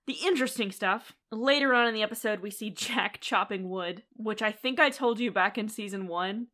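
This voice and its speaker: A woman co-hosting a podcast, recapping a TV episode in casual chat with quick, animated, giggly retelling. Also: medium pitch. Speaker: podcast co-host.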